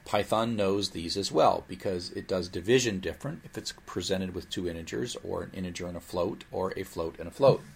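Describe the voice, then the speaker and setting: A male instructor with a low voice and a gravelly, creaky edge talks through programming concepts in a recorded lecture. His delivery is explanatory and lively, with playful asides along the way. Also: a little fast, hardly any pauses, slight background noise.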